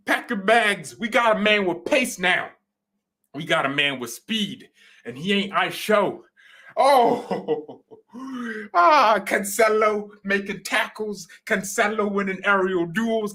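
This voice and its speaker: A man hosting a football fan channel, talking in an excited, joking way and sometimes shouting. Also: high voice. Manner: hyped and joking, shouting at times. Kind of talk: excited casual commentary.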